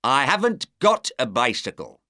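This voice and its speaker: A man voicing a gruff, wary male innkeeper in a storybook reading, blustering and defensive. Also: medium pitch, sing-song, normal speed, bright, forceful tone, no room sound, studio quality, voice pushed up. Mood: angry.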